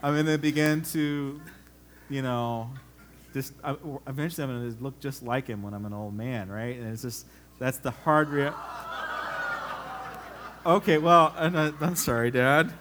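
Animated man preaching with funny stories. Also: medium pitch, a little slow, long pauses, a little hiss or hum. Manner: animated storyteller, acts out voices, laughs often. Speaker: pastor. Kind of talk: conversational sermon with stories.

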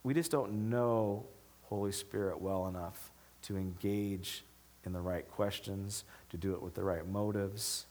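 Animated conversational male pastor preaching. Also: sits low, measured pace. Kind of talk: sermon.

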